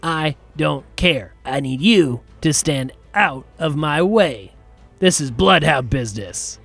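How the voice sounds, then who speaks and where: A man's voice: fairly high pitch, expressive, slow, fairly bright tone, soft background music, heavily acted. A man voicing a short, mean, frustrated goblin dockmaster who barks at people in his way. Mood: curt. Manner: gruff, impatient, barking orders.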